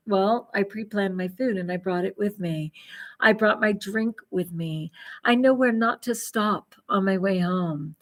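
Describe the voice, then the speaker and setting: A woman's voice: medium pitch, measured pace. A middle-aged woman vlogger chatting casually on a livestream, rambling and laughing often.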